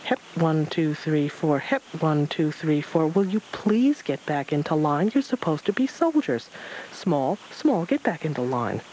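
Screechy bossy rabbit shouting drill counts, way up high as a guy puts him on. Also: very animated, a little slow, slight background noise, low-quality recording. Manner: screeching, commanding. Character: shrill bossy male rabbit drilling soldiers.

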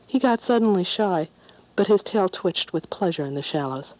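Low, mellow woman storyteller. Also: lively intonation, moderate pace, rough recording. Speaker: narrator. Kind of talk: storybook reading.

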